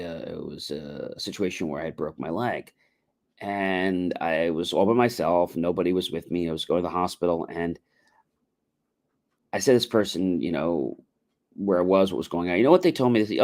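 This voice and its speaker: A man's voice: lowish voice, a little mellow. A middle-aged man hosting a motivational livestream, talking casually and acting out both sides of imagined phone calls. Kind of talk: casual spoken advice monologue.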